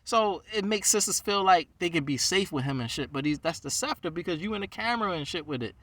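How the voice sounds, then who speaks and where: A man's voice: high voice, lively intonation, fast talker, fairly bright tone, no echo, distant mic. A man who is a rabbi, venting in a heated, profane monologue. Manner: heated, ranting, heavy swearing.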